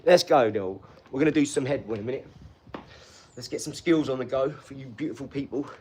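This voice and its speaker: A loud, hyped middle-aged man hosting a live stream, full of streetwise banter. His voice sits a little high for a man and jumps up whenever he gets excited. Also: brisk. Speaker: livestream host. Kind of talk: casual live-stream chat.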